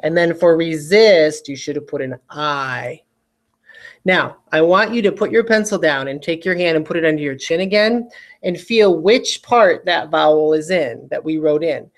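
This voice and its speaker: A teacher giving a recorded phonics lesson to children, patiently speaking to the students and stretching words apart slowly to demonstrate their sounds. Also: medium pitch. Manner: patient, addresses young students directly.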